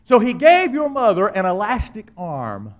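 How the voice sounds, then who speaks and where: A middle-aged man preaching a humorous storytelling sermon, swinging dramatically between loud outbursts and hushed asides. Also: high voice, wildly swooping pitch, normal speed, dull audio.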